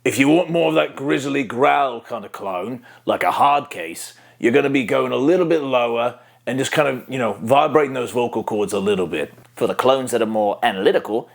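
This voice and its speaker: A man with a gravelly, fry-tinged voice walks through a voice acting lesson in a relaxed tutorial tone. He explains things plainly and easily, slipping into quick character demos along the way. His pitch sits in a middle range for a man. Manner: easygoing, explanatory, breaks into voice demos. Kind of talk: casual how-to tutorial.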